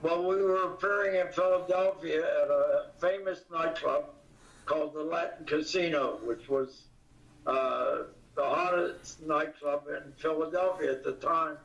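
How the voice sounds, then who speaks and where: Older guy rambling slow with lots of uhs, kinda high gravelly voice, far off echoey room. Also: a bit bright. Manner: halting, many pauses and fillers. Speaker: comedian guest. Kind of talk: casual interview. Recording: distant, echoey, dull audio.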